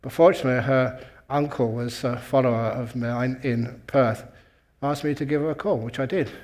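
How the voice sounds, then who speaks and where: A man's voice: medium pitch, fairly even intonation, normal speed, a little mellow. Male meditation teacher, humorous storyteller, playful with easy chuckles, mid-range voice. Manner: playful, chuckles at his own jokes. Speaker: Buddhist monk and meditation teacher.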